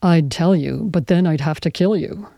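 A woman reading the part of a tall male police detective who jokes wryly and talks a bit louder than her narration. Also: lowish voice, moderate pace, gravelly, dry recording, studio quality. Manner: wry, teasing.

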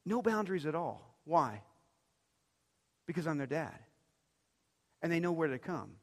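A middle-aged pastor delivering a sermon, swinging between quiet, intimate phrases and loud, emphatic ones, often repeating words as he builds a point. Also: a little high, big pitch swings, a little slow. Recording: long reverb of a large hall.

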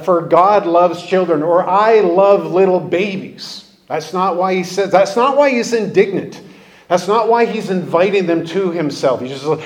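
A male pastor with a fairly high-pitched voice gives a sermon in a lively, conversational style, asking one rhetorical question after another.

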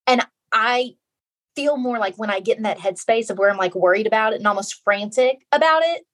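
A woman's voice: on the high side, a little fast. A middle-aged woman, a guest author in a casual interview, talking earnestly and repeating phrases for emphasis.

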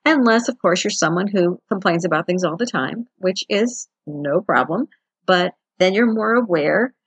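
A woman's voice: fairly low pitch, expressive, normal speed, slightly rough, no room sound. A woman giving a chatty, conversational self-help talk as a wellness teacher. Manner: chatty, conversational, acts out quotes with laughs.

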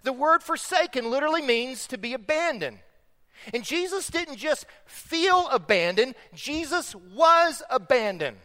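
A man preaching a sermon as pastor, swinging between loud stressed phrases and quiet, slowed-down lines. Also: very high-pitched, in a large hall. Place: church sanctuary.

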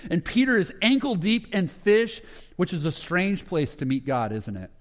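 A man preaching a sermon as pastor, telling the story conversationally with frequent restarts and dips into lower quoted voices. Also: very animated, normal speed, big-room sound.

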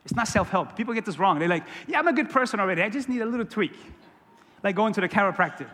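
A man's voice: high voice, bright, forceful tone, long reverb tail. A male pastor preaching a sermon in a church, conversational and playful with jokey asides. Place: church sanctuary.

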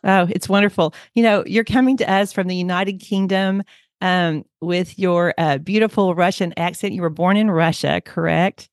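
Host: woman, Oklahoma Southern twang, low and gushing, dry close sound. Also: fairly even intonation, moderate pace, no echo. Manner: effusive and enthusiastic, with many fillers. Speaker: podcast host. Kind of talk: casual interview.

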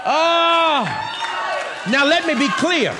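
An American man preaching a sermon with emphatic delivery that breaks into shouts and laughter. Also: sits high, animated, moderate pace, long reverb tail, crowd noise, noisy background. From United States.

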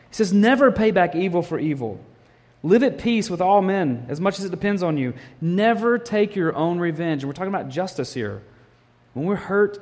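A male pastor preaching a sermon with animated storytelling. He acts out the voices of the people in his story. His voice rings with a long reverb, as if recorded in a large hall. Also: sits high.

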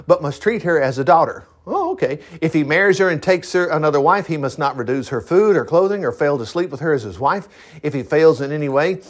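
A man teaches from scripture in an informal, folksy manner, stopping often to joke and add his own asides. His voice sits a little high and moves around a great deal, rising and falling all the time. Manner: folksy, animated, quick to laugh and digress. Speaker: preacher.

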